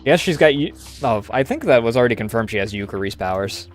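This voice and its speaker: A hoarse streamer giving casual, profane, jokey commentary over gameplay. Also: mid-range voice, lively intonation, fast, soft background music. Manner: profane, jokey, self-mocking. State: hoarse, sore throat.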